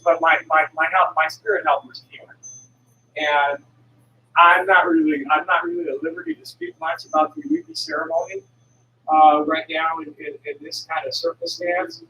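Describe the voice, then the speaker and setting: A woman's voice: sits low, very animated, normal speed, gravelly, bright, forceful tone, a little hiss or hum. Rambling older woman in an echoey room. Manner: rambling, digressive, many restarts and fillers; blunt, occasionally profane. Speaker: traveling herbal medicine seller. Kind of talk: rambling spiritual monologue. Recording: echoey room from some distance, faint ambience.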